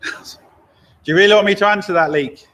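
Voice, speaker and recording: A man's voice: sits high, brisk, pushed and bright. A man, a garage owner chatting casually on a live stream, answering viewer questions with easygoing, blunt opinions and frequent laughs. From Lincoln, England.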